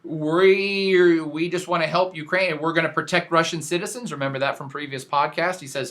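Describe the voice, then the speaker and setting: A man giving a casual podcast lecture on world affairs as a professor, animated and slangy, emphatic and often restarting his sentences. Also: on the high side, brisk, few pauses.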